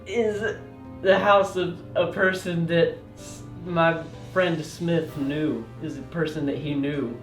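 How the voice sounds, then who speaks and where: A young man hosting a comedic story time, animated and quick to yell out loud bits. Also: on the high side, recorded from a distance. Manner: animated, yelling out quoted lines and rushing through bursts. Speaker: storytelling host. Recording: roomy echo, off-mic, faint music.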